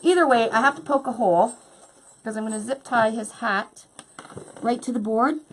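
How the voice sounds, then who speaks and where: A woman's voice: on the high side, moderate pace. A woman hosting a craft tutorial, chatty and bubbly as she explains each step while working. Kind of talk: hands-on craft demonstration.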